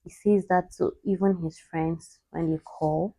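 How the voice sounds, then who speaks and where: Low, gravelly woman holding back tears. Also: fairly even intonation, measured pace, warm tone, no echo. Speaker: vlogger. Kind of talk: emotional personal storytelling.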